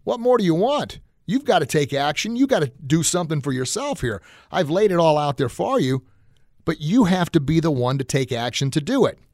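A man's voice: on the high side, big pitch swings, brisk, a little mellow, no echo, studio quality, voice pushed up. A man voicing God, exasperated and lecturing a man who refused help. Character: God, exasperated, laying down the lesson.

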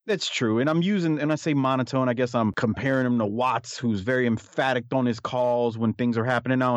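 A man's voice: fairly low pitch, no room sound. A man co-hosting a podcast, chatting casually and thinking aloud about old wrestling footage. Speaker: podcast co-host. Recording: dull, dry lo-fi sound.

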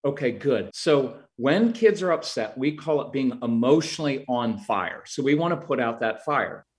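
Man, middle-aged, earnest, explains parenting tips, mid-pitched voice. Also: expressive, moderate pace. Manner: earnest, acts out quoted lines to parents and kids. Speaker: parenting guest expert. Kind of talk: interview answers.

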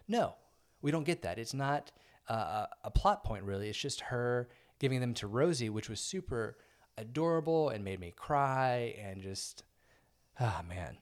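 A man's voice: medium pitch, animated, moderate pace. A man co-hosting a podcast, joking and chatting casually in a movie review. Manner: joking, chatty, prone to asides. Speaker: podcast co-host.

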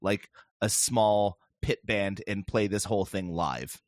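A man's voice: lowish voice, takes it slowly, no room sound, studio quality. A man guesting on a podcast as a composer and actor, talking casually and enthusiastically with many "like" fillers.

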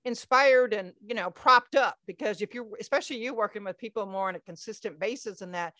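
A woman's voice: mid-range voice, fairly quick, bright, forceful tone, no echo. A woman talk show host asking a guest questions in a rambling way with many fillers. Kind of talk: interview conversation.

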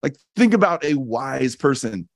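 A man's voice: mid-range voice, big pitch swings, a little slow, no room sound, clean studio sound. A man giving a reflective teaching talk as a podcast host, earnest and repeating key phrases for emphasis, with casual restarts. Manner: frequent restarts and casual fillers.

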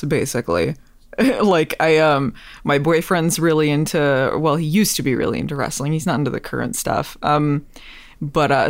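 A woman's voice: low-pitched, no echo. A woman guest in a casual podcast chat, curious and asking short follow-up questions.

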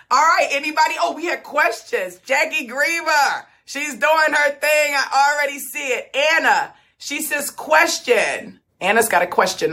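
A woman's voice: mid-range voice, sharp tone. A middle-aged woman hosting a group coaching call, talking in a fired-up, emphatic way. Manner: fired-up, emphatic, laughs often. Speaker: host.

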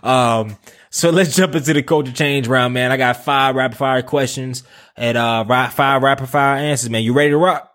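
A man's voice: mid-range voice, fairly even intonation, moderate pace, fairly bright tone. A man hosting a casual podcast, eager and friendly, stumbling over repeated words and calling his guest "man". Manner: eager, stammering restarts, calls guest "man" and "bruh". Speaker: podcast host.

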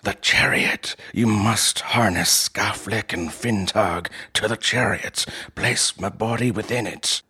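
A man voicing a dying old uncle who speaks low, hushed and grave. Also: slow pace, few pauses, breathy edge, full character voice. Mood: solemn.

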